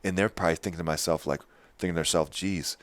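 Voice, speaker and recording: A middle-aged man with a loud voice, telling stories on a podcast in an animated, emphatic way with many restarts. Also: low-pitched, racing, no room sound. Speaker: podcast host. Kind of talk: casual podcast chat.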